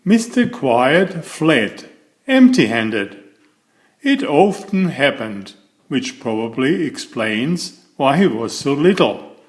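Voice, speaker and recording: A storybook reader goes through a children's picture book at a very slow, deliberate pace, his medium-pitched voice swooping up and down with lively expression. He's animated and drawn-out, playfully drawing the young listener in.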